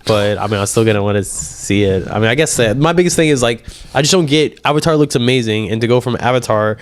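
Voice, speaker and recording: A man co-hosting a podcast, talking fast and animated with lots of swearing and repetition. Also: mid-range voice, a little hiss or hum. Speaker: podcast co-host. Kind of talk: casual chat.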